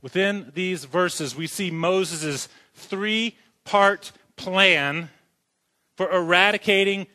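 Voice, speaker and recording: A man with a high, bright, forceful voice draws out his words while preaching in a church sanctuary. He keeps questioning the congregation and joking throughout the sermon.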